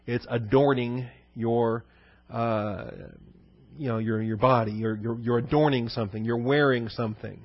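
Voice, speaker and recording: A man's voice: mid-range voice, fairly even intonation, unhurried, no echo, highs cut off. A male pastor giving a conversational verse-by-verse sermon, asking his listeners questions and answering them himself, with many fillers.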